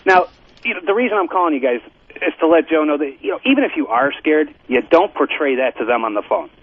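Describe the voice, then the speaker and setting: Man, radio caller, fast profane storytelling, tinny phone sound. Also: on the high side, big pitch swings, gravelly.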